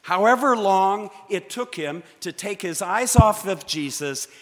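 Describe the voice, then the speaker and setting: A man preaching a sermon from the pulpit, measured and dramatic, with pauses for effect. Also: high voice, expressive, fairly bright tone. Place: church sanctuary. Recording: long church reverb.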